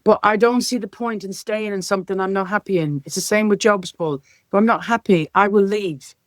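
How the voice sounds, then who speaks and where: A middle-aged woman from Ireland, a care sector leader, telling lively stories as a podcast guest and acting out the dialogue in them. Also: mid-range voice, brisk, no echo. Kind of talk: podcast interview storytelling.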